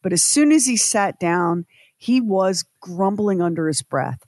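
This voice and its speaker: A woman co-hosting a radio show, telling a story with lively quoted voices. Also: mid-range voice, unhurried, dry recording. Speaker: co-host. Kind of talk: casual chat.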